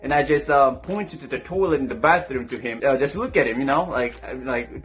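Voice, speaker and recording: A man's voice: mid-range voice, brisk, fairly bright tone, faint music behind. A young man from South Korea, speaking English with a Korean accent, telling funny stories in a storytime vlog and acting out the people in them as he laughs. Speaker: vlogger.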